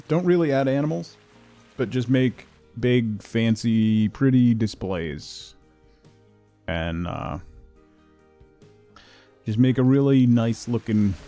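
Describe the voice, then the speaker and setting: Mellow-voiced man streaming a game. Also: mid-range voice. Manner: playful, teasing chat with viewers; soft cooing baby talk to a pet. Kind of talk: casual gameplay chat.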